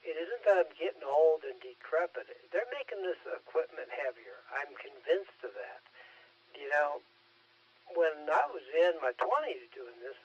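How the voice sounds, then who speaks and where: Middle-aged man, folksy joker, ham radio check-in, slightly high voice, muffled radio sound. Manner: folksy, joking storyteller. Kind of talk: casual radio chat. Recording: dull lo-fi radio audio.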